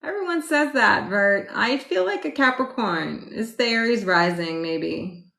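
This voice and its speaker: A woman hosts a casual live stream, loud and talkative. She answers viewers and tells rambling stories, breaking into laughter often. Her voice sits in a roomy, echoing space, recorded on a phone. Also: fairly high pitch, animated, unhurried, gravelly. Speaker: astrology livestream host. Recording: roomy echo.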